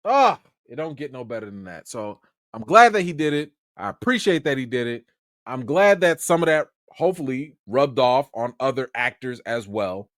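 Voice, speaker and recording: A man gives chatty livestream commentary on film news, and his pitch ranges widely as he talks. He is casual and animated and drops in plenty of fillers. The mic is close and the sound is dry, with no room. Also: moderate pace, dry recording. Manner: animated, conversational, lots of fillers. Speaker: YouTube movie commentator.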